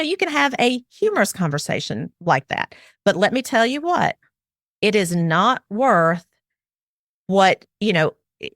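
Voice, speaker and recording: In a clean studio recording with no room sound, a parenting expert in middle age lays out her guidance in an interview with earnest explanation. Her medium-pitched, fairly bright voice takes on parent and child roles as she demonstrates what a parent might say.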